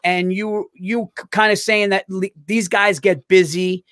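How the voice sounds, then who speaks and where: A comedian man, a guest on a podcast, chatting casually and teasing in an animated way. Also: high-pitched, unhurried, no room sound, studio quality. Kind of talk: casual chat.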